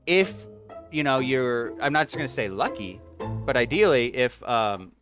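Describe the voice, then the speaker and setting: A man co-hosting a comedy livestream, stammering through dry, dark deadpan remarks. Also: medium pitch, moderate pace, music in the background. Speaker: co-host.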